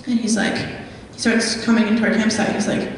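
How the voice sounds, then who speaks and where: A woman's voice: mid-range voice, level tone, fairly quick, distant mic, a little hiss or hum. Young woman telling a story in an echoey hall. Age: young adult. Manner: chatty storytelling with many ums. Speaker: guest speaker. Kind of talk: live talk with audience questions. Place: meeting hall.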